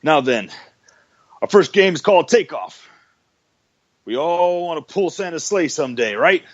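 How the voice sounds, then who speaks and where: A man voicing a gruff, bossy male reindeer flight coach in a drill-sergeant manner. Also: a little high, lively intonation, a little slow, pitched above the performer's own voice. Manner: blustery, drill-sergeant pep talk. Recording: dull lo-fi radio audio.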